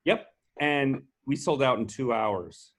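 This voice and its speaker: A man with a mid-range voice telling stories as a guest. He switches into quoted voices as he goes, and his pitch jumps up sharply on those lines. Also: slow pace. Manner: animated, acts out quoted dialogue. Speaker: festival co-founder guest. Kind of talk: casual anecdotal storytelling.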